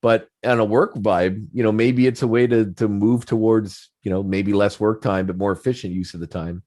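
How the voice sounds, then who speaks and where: A man's voice: on the low side, steady tone, normal speed, darkish tone. A man hosting a podcast, chatting casually in a laid-back way and chiming in with laughs and agreement. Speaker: podcast host. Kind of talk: casual chat.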